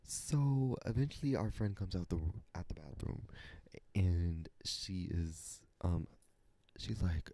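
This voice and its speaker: A young man hosts a casual storytelling podcast in a deep, gravelly voice. His tone is dark and mellow, with a rough fry running through it. He talks in an animated, profane and dramatic way, dropping to a whisper now and then. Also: takes it slowly, dry recording. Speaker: podcast host.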